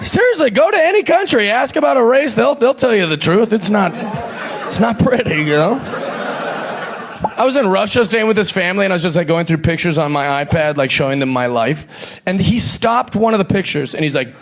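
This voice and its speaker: A man doing stand-up style storytelling, profane and animated, acting out the people in his stories. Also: high voice, a little fast. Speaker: comedian guest.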